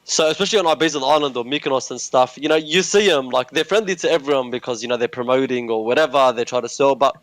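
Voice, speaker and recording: Australian man, fast casual chatter, repeats himself, dry close sound. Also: medium pitch, a bit bright, no room sound. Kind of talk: casual chat.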